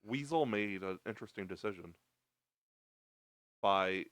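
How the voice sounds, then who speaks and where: Man, podcast co-host, casual review chat, easygoing filler-heavy talk, lower voice, dry close sound. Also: lively intonation, unhurried, fairly bright tone, dry recording.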